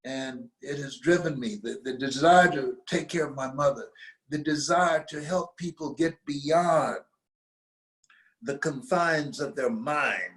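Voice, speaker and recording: The audio is poor, but the older American interview guest comes through with a high-leaning, fairly bright voice. He tells a motivational tale, slowing down whenever he wants a phrase to land.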